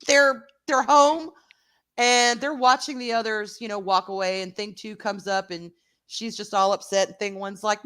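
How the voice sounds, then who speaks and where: A woman hosting a casual show review over a video call, animated and rambling with filler asides. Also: mid-range voice, moderate pace, smooth. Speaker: host.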